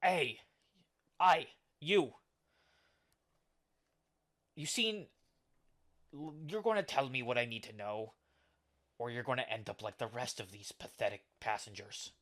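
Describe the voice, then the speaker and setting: A man voicing a gruff, threatening male pirate leader in a tabletop game. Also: mid-range voice, animated, moderate pace, a bit bright, close to an everyday voice. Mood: menacing. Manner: threatening, barking orders.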